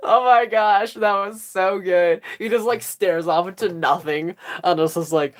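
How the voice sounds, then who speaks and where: A woman's voice: lowish voice, steady tone, measured pace, few pauses. A woman hosting a casual fan livestream, rambling and giggling often with frequent laughs and an occasional cough. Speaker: livestream host.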